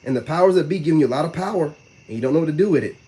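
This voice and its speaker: Pitched on the high side, his voice is expressive with a dark tone. He's a vlogger chatting casually with live viewers, rambling quickly in slang-heavy speech and repeating "you know what I'm saying."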